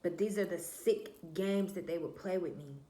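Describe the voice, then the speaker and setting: A woman's voice: on the low side, moderate pace, dark tone, roomy sound. A woman vlogger telling a personal story in a casual, candid monologue, swearing freely and talking straight to her viewers. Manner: emphatic, repeats herself and trails off with "da, da, da".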